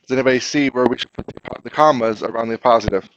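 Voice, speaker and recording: A man's voice: mid-range voice, very fast, lo-fi sound, background noise. A man teaching a grammar lesson to a class, patiently explaining step by step and asking his students questions.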